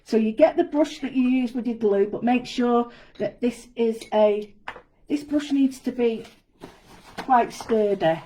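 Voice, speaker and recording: A guest designer leads a live craft demonstration from an indoor studio, explaining each step in a chatty, friendly way. Her slightly high voice is mellow and warm, and she speaks at a measured pace. The audio is poor, with slight background noise.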